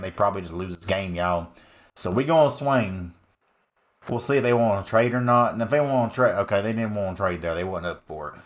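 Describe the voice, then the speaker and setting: Guy doing a loud hollering southern good ol boy, drawl cranked way up, pitched higher than his normal voice, folksy and rowdy. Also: close to an everyday voice. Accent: American Southern (put on). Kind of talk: exaggerated character voice during game commentary.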